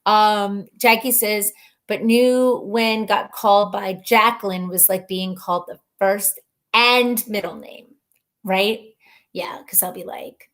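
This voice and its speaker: A woman hosting a casual live stream, reading viewer comments aloud in a chatty, rambling way, laughing often and thinking out loud. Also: medium pitch, fairly even intonation, unhurried. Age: adult mother of children.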